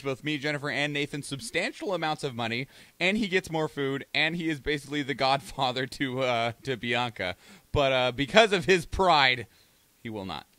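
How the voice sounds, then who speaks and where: A man co-hosting a podcast in relaxed chat, who keeps things moving briskly. His voice is bright and forceful, and it sounds close and dry with no room echo. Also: fairly high pitch. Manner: brisk, moves the show along. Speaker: podcast co-host.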